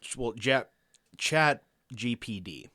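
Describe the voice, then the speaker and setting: A man's voice: mid-range voice, expressive, slow pace, pushed and bright, dry recording. A man co-hosting a podcast, talking casually in a laid-back, dry way that often trails off. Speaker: podcast co-host.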